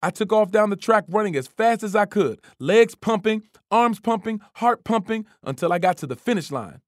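Lively storybook narrator, dry sound. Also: medium pitch, moderate pace, dry recording. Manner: lively, expressive reading. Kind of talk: first-person storybook narration.

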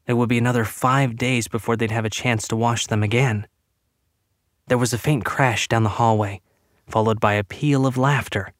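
A man narrating an audiobook-style story in an even, steady manner at a medium pitch. His voice is recorded close and dry, with no room sound. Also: normal speed, no echo. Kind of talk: scripted narration.

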